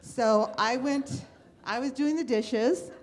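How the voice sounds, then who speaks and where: A middle-aged woman from the United States tells her own story to an audience in a live talk. She speaks in an animated way, slipping into the voices of the people she quotes. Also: sits high, slow pace.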